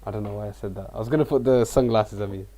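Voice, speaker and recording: A man's voice: fairly low pitch, racing, a crowd in the background. A man hosting a live trading stream, chatty and self-mocking in casual talk. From Britain.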